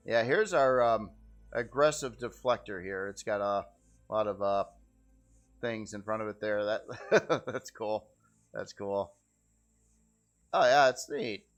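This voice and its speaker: A man's voice: lowish voice, a little slow, pauses often, faint music behind. A man giving casual, rambling gameplay commentary as host, easygoing and often repeating how cool things look. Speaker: game video host.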